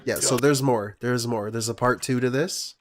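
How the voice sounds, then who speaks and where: A man's voice: medium pitch, steady tone, moderate pace, soft background music. Sarcastic, foul-mouthed man reacting to clips. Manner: sarcastic, profane, mocking. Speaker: stream reactor. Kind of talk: casual reaction commentary.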